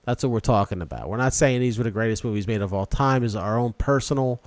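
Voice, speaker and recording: A man's voice: medium pitch, dry recording. A man co-hosting a casual podcast, arguing his movie picks emphatically. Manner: animated, emphatic, quick to argue his picks. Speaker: podcast co-host.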